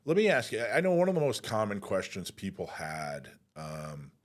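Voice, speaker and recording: Low-voiced male talk radio host. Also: wildly swooping pitch, moderate pace. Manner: conversational, with restarts, building to pointed questions. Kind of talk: radio talk show interview.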